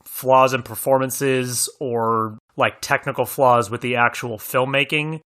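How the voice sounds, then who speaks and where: A man's voice: mid-range voice, steady tone, measured pace, pushed and bright. A man co-hosting a film podcast in casual chat, earnest and hedging, and he laughs often. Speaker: podcast co-host.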